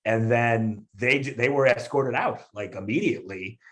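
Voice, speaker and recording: A male comedian, a guest on a podcast, telling a story in a casual, animated way with lots of fillers and restarts. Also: mid-range voice, normal speed.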